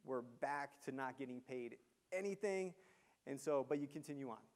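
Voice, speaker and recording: A man giving a university lecture, telling business stories in an animated way and quizzing the audience. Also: medium pitch, moderate pace. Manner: animated storyteller, engages audience with questions. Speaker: guest lecturer, entrepreneur. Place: lecture hall.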